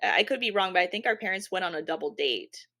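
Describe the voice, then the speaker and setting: A young woman co-hosting a casual podcast. Her voice is bright and sharp, with a gravelly fry in it. She keeps her talk playful and jokey. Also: fairly low pitch, expressive, fast talker. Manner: laughs easily, playful. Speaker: podcast co-host. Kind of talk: casual chat.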